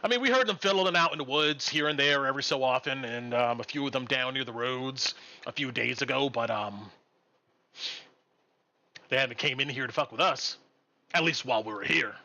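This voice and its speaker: A man voicing a laid-back, sarcastic male rogue who swears casually and drawls a bit lower than his own voice. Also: fairly quick, bright, forceful tone, muffled recording.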